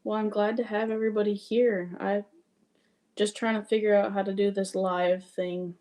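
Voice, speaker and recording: A cross-stitch livestreamer from Wyoming, USA, chats casually and responds to viewer comments in an accent that blends Wyoming with Southern Louisiana. Her mid-range voice has a dark tone and flat delivery at a normal speed.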